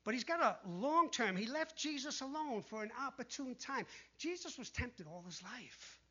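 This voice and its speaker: High bright-voiced male preacher. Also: moderate pace. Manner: animated preaching, voicing quoted tempters in a hushed tone. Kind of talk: sermon. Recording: dull lo-fi sound.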